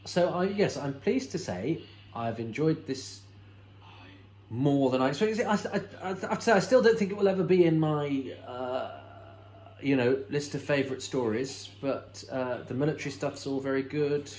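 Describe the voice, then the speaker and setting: A man's voice: on the high side, normal speed, darkish tone, slight background noise, low-quality recording. A man hosting a watch-along, commenting on an old episode in a chatty, enthusiastic way with many fillers and restarts. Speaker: host.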